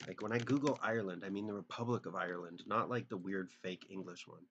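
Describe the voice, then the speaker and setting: A man's voice: deep voice, quick pace, a bit bright, muffled recording, a little hiss or hum. A man casually chatting with viewers while drawing on a live stream, joking and thinking aloud in a self-deprecating way.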